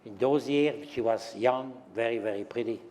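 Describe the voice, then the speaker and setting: A man's voice: medium pitch, normal speed, mellow, a little hiss or hum. A man in his seventies with a French accent, a retired pastry chef telling anecdotes on stage, chuckling often and speaking with non-native grammar. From France. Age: 70s.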